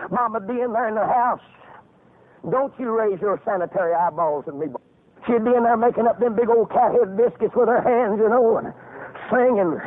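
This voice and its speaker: An older man preaching a revival sermon, telling stories and rising into fervent shouts with drawn-out phrases. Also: sits high. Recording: phone-like, narrow band.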